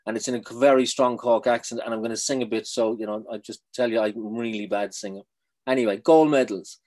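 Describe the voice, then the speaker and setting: Irish man, poet guest, earnest, repeats words, mid pitch. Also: fast talker, darkish tone. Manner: earnest, repeats words while finding them. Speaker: spoken-word poet guest. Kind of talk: casual interview chat.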